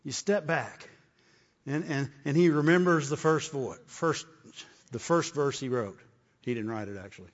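A man's voice: medium pitch, normal speed. A man preaching a sermon with repeated phrases, often asking "Amen?". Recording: dull, echoey hall.

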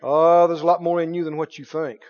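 A man preaching a sermon as pastor, reading scripture aloud with animated delivery. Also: fairly high pitch, a little fast. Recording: dull sound in a long-reverb hall.

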